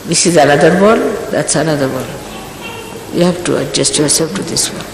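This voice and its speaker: An archival recording from an echoey hall captures an older woman, a spiritual teacher, scolding her followers in an emphatic talk packed with rhetorical questions. Her voice sits low and moves briskly, with a little hiss or hum in the audio.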